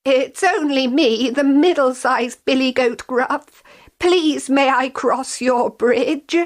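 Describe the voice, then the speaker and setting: A woman's voice: high-pitched, slow, pitched above the performer's own voice. A woman voicing a polite, middle-sized male billy goat.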